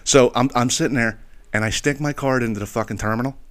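A man's voice: mid-range voice, quick pace, fairly bright tone. A man hosting a podcast, telling a story as a profane, exasperated solo rant and checking in with listeners with a constant "okay?". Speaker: podcast host.

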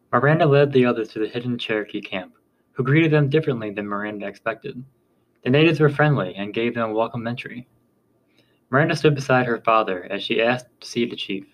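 A man reading a novel aloud as audiobook narrator, steady with occasional slips. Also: medium pitch, lo-fi sound. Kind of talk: scripted storybook narration.

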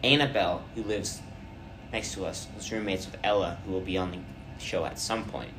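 Young male podcast host with a lowish voice, rambling storyteller, casual chat. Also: fairly even intonation, a little fast, noisy background.

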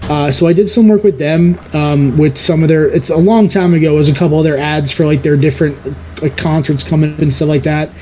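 A man's voice: fairly high pitch, steady tone, a little fast, dark tone, slight background noise, rough recording. A man in his thirties with a subtle New York accent, chatting casually as a podcast guest, rambling with frequent restarts. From New York area, outside the city. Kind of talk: casual chat.

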